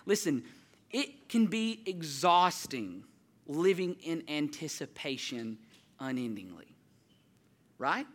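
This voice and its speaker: A man preaching a casual, story-driven sermon, talking to the congregation like friends and putting on children's voices in his anecdotes. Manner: animated storytelling, jumps higher and louder when quoting children. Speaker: pastor. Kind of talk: conversational sermon with stories.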